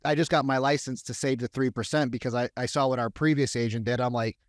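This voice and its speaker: A man who works as a real estate agent, telling stories in a casual podcast chat with a profane, animated delivery. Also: mid-range voice, fast, no echo, studio quality.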